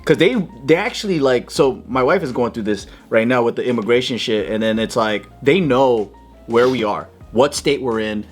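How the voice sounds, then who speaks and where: A man's voice: mid-range voice, lively intonation, normal speed, soft background music. A married man talking in casual comedy panel chat, rambling with lots of filler words.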